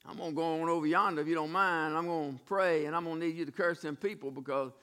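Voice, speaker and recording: A greedy prophet with a folksy drawl, wheedling and begging, his voice swinging from low mutters to shouted pleas as a preacher acts him out in a sermon. The voice is bright and sharp-edged. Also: fairly even intonation, quick pace, smooth, close to an everyday voice. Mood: scheming.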